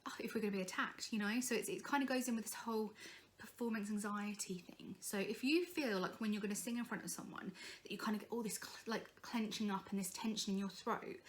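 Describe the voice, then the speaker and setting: A young woman running a casual vocal tutorial, talking in a friendly, encouraging way. She keeps checking in with her students and explains each exercise step by step. Her speaking voice sits at an ordinary middle pitch. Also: a little hiss or hum. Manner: chatty, encouraging, frequent "okay?" check-ins. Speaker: singing teacher.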